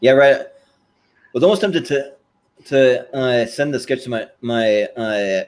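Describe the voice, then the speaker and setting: A man's voice: mid-range voice, slow pace, a little mellow. A man co-hosting a podcast, talking in an easygoing, casual way with hesitant restarts. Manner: easygoing, frequent short agreements and laughs. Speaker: podcast co-host. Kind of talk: casual chat.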